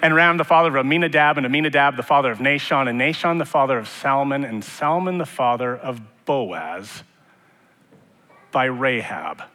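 A man's voice: mid-range voice, lively intonation, normal speed, sharp tone. A man preaching a sermon in a church, conversational, with joking asides. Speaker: pastor. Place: church sanctuary. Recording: long reverb of a sanctuary.

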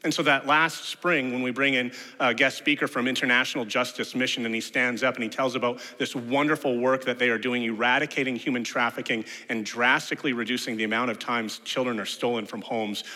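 Bright-voiced male pastor, echoing hall. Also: medium pitch, brisk, hardly any pauses. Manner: animated storyteller who acts out quoted voices. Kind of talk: sermon.

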